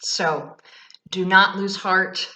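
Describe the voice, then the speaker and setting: A woman's voice: medium pitch, steady tone, extremely slow, pushed and bright, reverberant. A woman and Reiki host talks through spiritual advice in a frank, earnest way, with loose fillers and the odd curse word. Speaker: Reiki practitioner and vlog host. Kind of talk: casual spiritual advice monologue.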